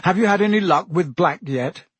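A male reader puts on an eager, polite teenage boy wizard from a storybook. The voice sits higher than the reader's own, with a husky grain, recorded dry and close. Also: normal speed, dry recording.

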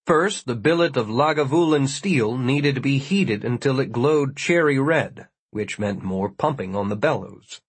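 Husky man narrating wryly. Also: medium pitch, animated, a little slow, few pauses, dry recording. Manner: dry, wry storytelling. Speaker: audiobook narrator. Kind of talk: scripted narration.

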